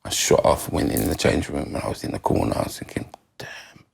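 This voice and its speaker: Gravelly husky man telling a story. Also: very deep voice, quick pace, a little mellow. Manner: dramatic retelling, acting out voices and thoughts. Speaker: podcast guest, former footballer. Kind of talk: animated storytelling in casual conversation.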